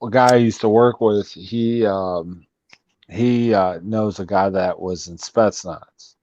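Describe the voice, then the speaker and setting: A man's voice: fairly low pitch, slow pace, a little mellow, dull audio. A man who is a podcast guest, chatting casually with loose phrasing and frequent chuckles. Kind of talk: casual chat.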